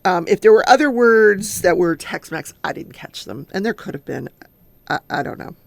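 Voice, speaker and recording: A woman's voice: medium pitch, expressive, moderate pace, vocal fry, no room sound. An older woman hosting a casual talk show, recapping a trial and acting out quotes as she goes. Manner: chatty storyteller who acts out quotes. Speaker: crafting talk show host.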